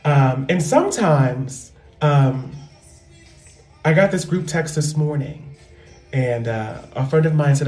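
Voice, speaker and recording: A woman comedian talking loudly and animatedly in a casual, profane monologue into a microphone. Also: deep voice, animated, takes it slowly. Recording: roomy echo with faint music.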